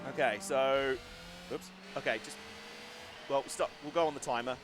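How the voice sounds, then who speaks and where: A man's voice: mid-range voice, fairly even intonation, normal speed, background noise. A man chatting casually and self-deprecatingly as he live-streams a racing game, wandering into side stories.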